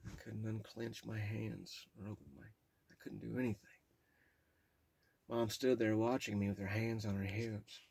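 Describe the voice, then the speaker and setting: Creaky-voiced man reading his memoir. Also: lowish voice, a little mellow, dry recording. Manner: candid, plain-spoken. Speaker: memoir narrator. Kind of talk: reading his own memoir with casual asides.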